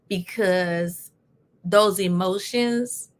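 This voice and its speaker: Bright, gravelly-voiced woman telling a story. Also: mid-range voice, unhurried. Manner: animated, expressive storytelling with emphatic asides. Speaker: host. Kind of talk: casual storytelling talk.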